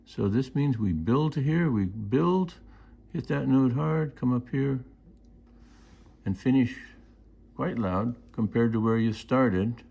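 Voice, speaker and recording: A man's voice: medium pitch, expressive, slow, gravelly, warm tone, slightly rough. A man teaching music, explaining markings and singing out rhythms and counts. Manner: sings rhythms and counts beats aloud. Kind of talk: instructional explanation.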